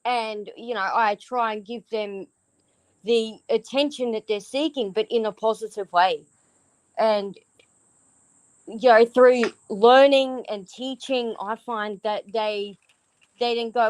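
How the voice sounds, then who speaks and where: Woman, Australian accent, casual livestream chat, rambling and blunt, fairly high voice, dry close sound. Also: steady tone, slow pace, clean tone, no echo, rough recording. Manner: frank, rambling, swears freely.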